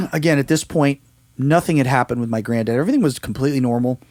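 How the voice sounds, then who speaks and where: A man in casual conversation, recounting a story with lively acted-out quotes. His voice sits at an ordinary pitch for a man. The recording is close and dry, with no room sound. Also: fast talker, no room sound. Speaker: musician interview guest.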